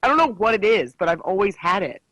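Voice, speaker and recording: A woman's voice: mid-range voice, animated, fast, fairly bright tone, no echo, low-quality recording. Bubbly young woman co-hosting a podcast. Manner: bubbly, jokey, slips into silly voices. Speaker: podcast co-host. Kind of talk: casual chat.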